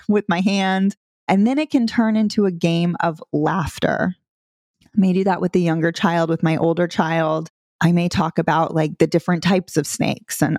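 A woman's voice: fairly low pitch, darkish tone, dry recording, studio quality. A woman in her thirties, a parenting coach hosting her podcast, talking in a playful, chatty way and laughing easily. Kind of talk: casual instructional talk.

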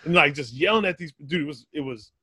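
A man's voice: fairly high pitch, fast, no echo. A man, a stand-up comedian, telling stories animatedly with a lot of swearing on a casual podcast. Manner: animated storytelling, heavy swearing, laughs often. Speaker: comedian guest.

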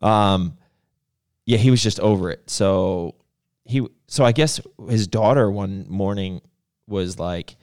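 Speaking slowly in a fairly low, clear, resonant voice with a darkish tone, this podcast co-host rambles through long stories on a casual live show, using many fillers.

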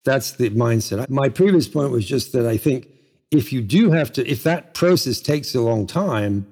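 A man's voice: medium pitch, animated, normal speed, a little mellow. A middle-aged man speaking as a guest in a conversational interview, thoughtful and rambling, full of asides. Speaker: guest, herbal medicine teacher.

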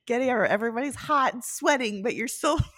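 A woman podcast co-host chatting casually, laughing easily and reacting warmly. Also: fairly high pitch, fast talker, no room sound. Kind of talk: casual chat.

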